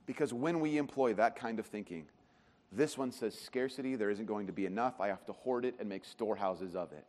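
A man preaching a sermon as pastor, talking conversationally and animatedly, often dropping to quiet emphasis. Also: fairly low pitch, a little fast, big-room sound.

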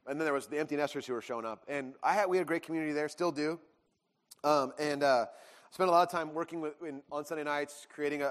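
A man in his thirties, a pastor telling his own story to a congregation, rambling with restarts and acting out quotes. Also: mid-range voice. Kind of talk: personal testimony to a congregation. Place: church sanctuary. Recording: long hall reverb.

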